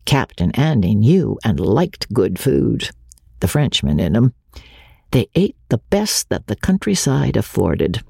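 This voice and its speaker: Male audiobook narrator, mellow husky tone, animated pitch, expressive literary reading. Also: unhurried, no echo, clean studio sound.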